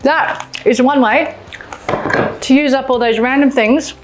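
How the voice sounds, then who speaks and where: An Australian woman hosts a casual cooking demonstration in her home kitchen, speaking a little slowly in a high voice with fairly even intonation while music plays underneath. Chatty and enthusiastic, she exclaims often.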